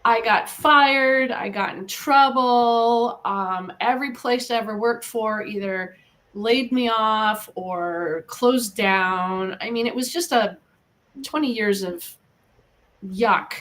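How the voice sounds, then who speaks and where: A woman's voice: on the high side, slow, fairly bright tone. Earnest, emphatic middle-aged woman guest. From Eastern Washington, US. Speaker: guest, animal communicator. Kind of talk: podcast interview.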